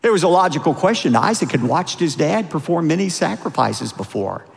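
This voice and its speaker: A man preaching a sermon as a pastor, dramatic, with wide swings in pitch and volume. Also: very animated, brisk, vocal fry. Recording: long reverb of a large hall.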